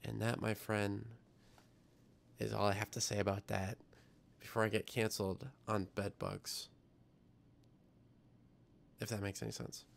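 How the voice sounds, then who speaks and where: A man's voice: on the low side, animated, a little slow, creaky, long pauses. A young man hosting a science livestream, chatting casually and rambling as he reads viewer comments aloud. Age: young adult. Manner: rambling, reads chat aloud, self-deprecating. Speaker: livestream science show host.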